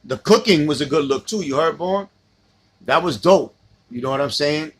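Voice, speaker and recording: Husky New York man reminiscing. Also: a little high, animated, moderate pace. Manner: reminiscing, reading out viewer comments. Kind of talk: casual livestream chat.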